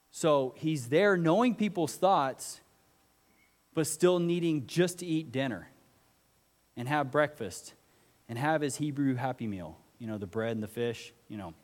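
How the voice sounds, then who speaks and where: A man's voice: mid-range voice, darkish tone. A man preaching a sermon to his congregation in an earnest, conversational way, putting direct questions to the listeners. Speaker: pastor. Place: church. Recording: church hall reverb.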